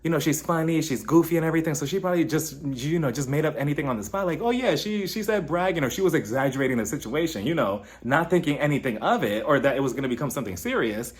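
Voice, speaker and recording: A man in the middle of a casual reality show recap, his voice sitting at an ordinary pitch. He talks in an animated, gossipy way and now and then jumps way up high to mimic the cast. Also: quick pace, few pauses. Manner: animated, shifts into high-pitched impressions when quoting. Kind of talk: casual commentary.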